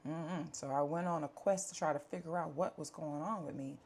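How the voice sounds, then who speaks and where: Low-voiced woman chatting candidly to camera. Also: fairly even intonation, brisk, few pauses, darkish tone, slight background noise. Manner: earnest, chatty, with many fillers and asides. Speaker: vlogger. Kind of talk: candid life-update talk to camera. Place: home.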